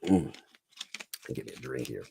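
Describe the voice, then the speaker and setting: A middle-aged man hosting a live-stream commentary, sarcastic and quick to laugh and swear, his voice congested from sinus trouble. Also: very deep voice, sing-song, gravelly, background noise. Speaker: online commentary host.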